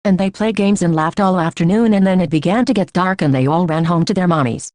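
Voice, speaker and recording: A woman reads a short story aloud for an audiobook, her pace steady and measured. Her voice sits on the low side, and the recording is dry and close, with no room echo. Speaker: audiobook reader. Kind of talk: scripted story narration.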